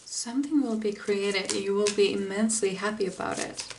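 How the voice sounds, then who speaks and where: A young woman giving a gentle, giggly tarot reading to camera, with lots of fillers and small laughs. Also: medium pitch, fairly even intonation, moderate pace, creaky, a little hiss or hum. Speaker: tarot reader.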